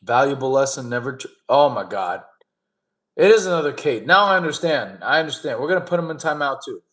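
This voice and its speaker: A man's voice: mid-range voice, roomy sound. A man in his thirties hosting a casual live stream, reading chat questions and giving blunt, laid-back fitness advice. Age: 30s. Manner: casual, coaching, reads chat questions aloud. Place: camp fire stream setting.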